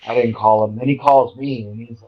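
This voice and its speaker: A man telling a story as a guest in casual chat, animated and halting with many restarts and repeated words. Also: mid-range voice, highs cut off, a little hiss or hum.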